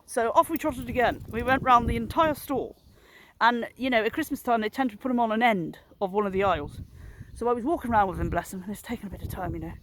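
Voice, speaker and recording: A woman talks into a handheld phone as she walks outside. Her delivery is loose and rambling, full of jokes at her own expense. She sounds relaxed and chatty, like she is speaking with friends. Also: a little high, fast talker, a little hiss or hum. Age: 30s. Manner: rambling, jokey, self-mocking storyteller. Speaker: vlogger walking her dogs. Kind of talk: casual chat to a phone camera. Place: outdoors, walking in a public area.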